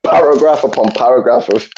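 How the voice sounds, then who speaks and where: A man's voice: fairly low pitch, dark tone, dull audio. A man, co-hosting a football watchalong in laid-back, slangy casual chat. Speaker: watchalong co-host.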